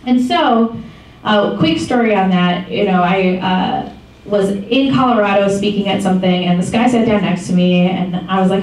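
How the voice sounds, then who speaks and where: A woman's voice: mid-range voice, normal speed. Chatty young woman in an echoey hall. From Michigan. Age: 20s. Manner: chatty, animated storyteller with many ums and laughs. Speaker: founder giving a talk. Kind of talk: casual public talk. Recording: echoey far-off room mic with faint noise.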